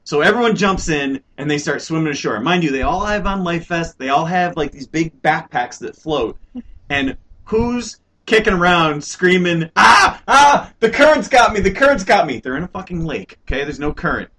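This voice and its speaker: A man's voice: fairly high pitch, normal speed, a little hiss or hum. A man co-hosting a casual group podcast, telling stories with animation and acting out the people in them. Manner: animated storyteller who acts out the people in his stories. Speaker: podcast co-host.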